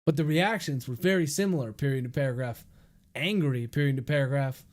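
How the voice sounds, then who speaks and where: A man's voice: medium pitch, a little fast. Author dictating his novel, punctuation aloud.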